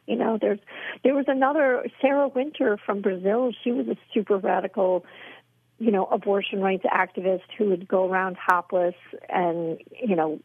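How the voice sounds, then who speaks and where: This podcast guest is a woman who advocates against abortion, sharing her experience earnestly and passionately while leaning on "you know." Her husky, gravelly mid-range voice moves at a normal speed, heard dry with no room sound through a thin phone line.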